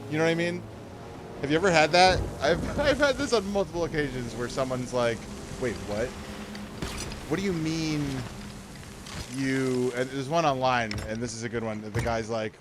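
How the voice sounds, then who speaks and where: Man, casual game stream chat, rambling, swears, laughs a lot, mid pitch, faint hiss.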